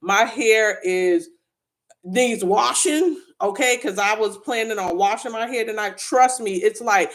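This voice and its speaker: A woman hosts a casual livestream chat, speaking candidly and earnestly to her viewers and often restarting her sentences. Her voice is mid-range and a little slow.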